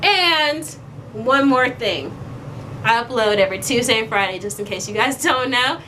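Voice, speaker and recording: A woman's voice: on the high side, lively intonation, normal speed, bright, forceful tone, slight background noise. A young woman chatting playfully to camera as a vlogger, acting out quoted lines as she goes. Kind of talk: casual chat to camera.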